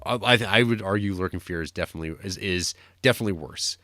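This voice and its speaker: A young man co-hosts a podcast in a low, quick voice that sounds pushed and bright. He chats casually and rambles, full of fillers and restarts. The studio-quality recording has no echo.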